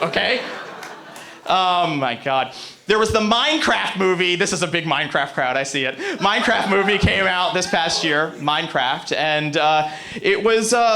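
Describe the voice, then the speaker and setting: A man's voice: high-pitched, bright, forceful tone. An American man performing a stand-up comedy set on a club stage, brash and profane, with rambling asides to the crowd.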